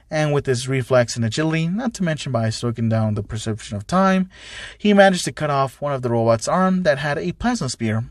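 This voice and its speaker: A man's voice: no room sound, clean studio sound. A man narrating a fan story, reading every character's lines in the same voice. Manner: reads every part himself, shifting pitch for each character.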